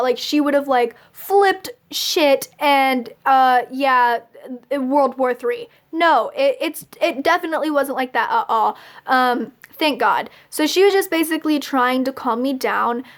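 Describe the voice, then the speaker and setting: Young woman vlogger, high bright voice, chatty confessional storyteller who keeps saying like. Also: a little slow. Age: young adult. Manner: fills nearly every phrase with "like"; chatty, confessional, laughs between lines. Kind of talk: casual storytelling to camera.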